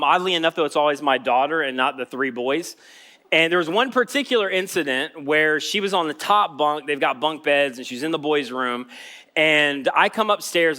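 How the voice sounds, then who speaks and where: A man's voice: fairly high pitch, sharp tone, clean tone. A man preaching a sermon as pastor, telling a story in a casual, joking way. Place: church stage.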